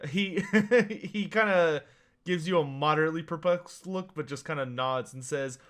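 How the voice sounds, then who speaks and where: A man's voice: fairly high pitch, normal speed, a bit bright. A man running a tabletop game as game master, narrating with lots of hesitation and fillers.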